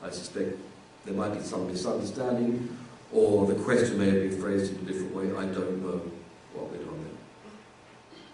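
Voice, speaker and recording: A man's voice: low voice, normal speed, long pauses, mellow, recorded from a distance, slight background noise. A man giving a university lecture in a conversational way, often repeating words as he thinks. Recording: echoey room, voice from afar.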